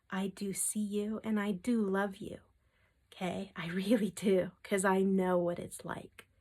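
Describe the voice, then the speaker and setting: A woman giving a spiritual tarot reading to her viewers. She speaks in a reassuring way, often checking in with "okay?", and delivers emphatic affirmations that sometimes drop to a soft whisper. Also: mid-range voice. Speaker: tarot reader.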